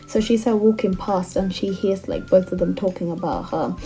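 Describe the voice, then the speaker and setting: A woman's voice: on the low side, moderate pace, warm tone, faint music behind. A young woman casually recapping a manga, talking in a chatty way with lots of "like" fillers and exasperated asides. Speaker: manga commentator.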